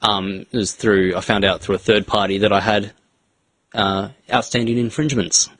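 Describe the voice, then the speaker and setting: Low-voiced co-host. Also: male voice, level tone, moderate pace, fairly bright tone, no echo. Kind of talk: casual chat.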